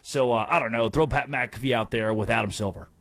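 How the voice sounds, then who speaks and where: A man hosting a sports radio show, talking in an animated, jokey monologue. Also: mid-range voice, brisk, vocal fry, no room sound, clean studio sound. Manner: animated, jokey, breaks into put-on voices.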